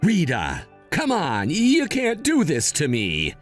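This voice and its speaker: A man's voice: on the high side, huge pitch swings, slow, soft background music, exaggerated voice. A man voicing a scheming, entitled brother who talks smugly and whines when caught out. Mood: pleading. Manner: smug, whining. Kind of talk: text-story voice acting.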